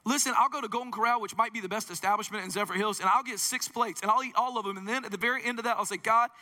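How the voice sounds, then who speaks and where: Male pastor, high and very forceful, jokey storyteller, echoing church hall. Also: rapid-fire. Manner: animated, humorous, conversational storytelling. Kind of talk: sermon. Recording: long reverb in a large hall.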